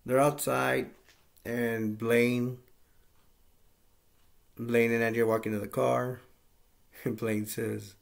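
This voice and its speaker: A man's voice: medium pitch, flat delivery, slow pace, vocal fry, pauses often. A man casually recapping a movie plot in a rambling, plain-spoken way with lots of fillers. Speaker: movie reviewer.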